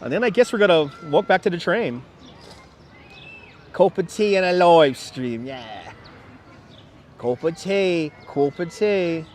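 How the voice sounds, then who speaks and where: A man hosting a casual outdoor livestream from a city park, chatting in a rambling way and reading viewer comments aloud. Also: sits high. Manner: chatty and rambling, with frequent laughs and restarts. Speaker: livestream host. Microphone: wireless clip-on mic. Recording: faint outdoor background noise. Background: faint city park ambience with birds.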